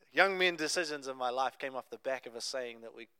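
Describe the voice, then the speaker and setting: A young adult man preaching a sermon, telling a Bible story in a conversational, animated way with casual asides. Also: medium pitch, moderate pace, smooth, dry recording. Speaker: pastor.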